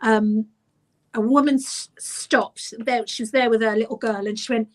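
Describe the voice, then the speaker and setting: A woman with an Estuary English accent, a radio presenter chatting as a guest and telling animated stories with acted-out voices. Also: on the high side, normal speed. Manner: animated storyteller, acts out voices. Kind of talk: casual chat.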